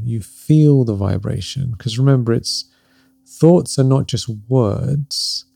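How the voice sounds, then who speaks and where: A middle-aged man hosting a spiritual podcast, gently and reflectively coaching listeners, often checking in with "right?" and laughing softly. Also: medium pitch, creaky, no echo. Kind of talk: spiritual teaching talk.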